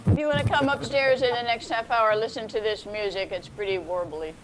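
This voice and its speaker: A woman's voice: fairly high pitch, fairly even intonation, brisk, low-quality recording. A woman calling out casually to the host from another room. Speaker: household member calling to the host. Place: another room, away from the mic.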